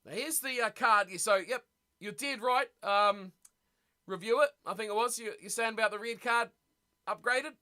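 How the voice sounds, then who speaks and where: A man's voice: high voice, normal speed, bright, forceful tone. A man hosting a rugby watch-party stream, ranting bluntly in casual chat and reacting to viewer comments.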